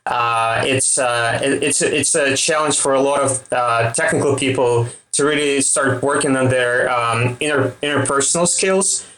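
A man's voice: mid-range voice, a little slow, hardly any pauses, fairly bright tone. Hesitant Russian-accented man in a roomy space. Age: 30s. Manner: hesitant, many fillers and restarts. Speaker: startup founder guest. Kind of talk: podcast interview answers.

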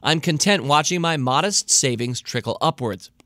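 Middle-aged american guy reading listener mail on his podcast, voice sits a bit high, dead dry close mic. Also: animated, normal speed, sharp tone, no room sound. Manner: chatty, stops to comment on the letter he is reading. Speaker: podcast host.

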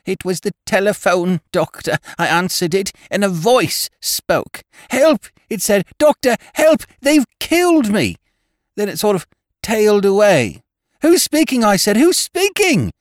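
A man's voice: sits high, moderate pace, dry recording, clean studio sound, pitched above the performer's own voice, lightly acted. A man voicing a flustered middle-aged female housekeeper, talking in a breathless, agitated rush. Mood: alarmed.

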